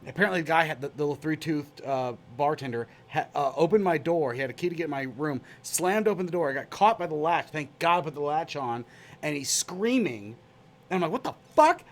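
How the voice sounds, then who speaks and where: A man's voice: on the high side, a little fast. A young man co-hosting a podcast, telling a wild anecdote in casual, profane chat and putting on voices for the people in it. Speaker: podcast co-host.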